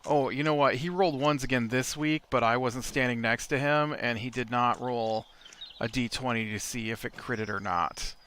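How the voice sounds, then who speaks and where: A man's voice: medium pitch, moderate pace, a bit bright. A man hosting a let's play, telling a rambling story between remarks on the game. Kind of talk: casual gameplay commentary.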